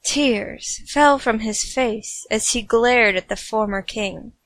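A woman's voice: on the high side, takes it slowly, fairly bright tone, no echo. A woman narrating a comic fan fiction story with playful, snarky asides.

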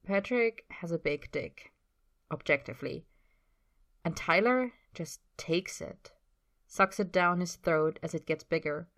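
A woman reading a story aloud in a steady, plain voice. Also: on the low side, unhurried. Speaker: story reader.

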